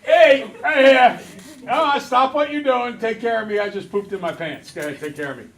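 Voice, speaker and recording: A man's voice: extremely high pitch, gravelly, voice pushed up. A man voicing a bossy, demanding baby boy who orders the grown-ups around. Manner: loud, bossy, slow.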